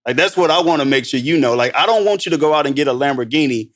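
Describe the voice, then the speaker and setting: Excited man telling stories, full of "bro". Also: racing. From Missouri, United States. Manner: excited, repeats "bro", acts out quotes in a higher voice. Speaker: guest entrepreneur. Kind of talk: animated podcast storytelling.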